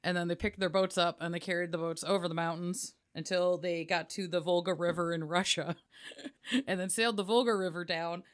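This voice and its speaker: A woman's voice: fairly low pitch, fairly even intonation, brisk. A woman co-hosting a podcast, telling history in a casual, profane, jokey way and slipping into silly voices. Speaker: podcast co-host.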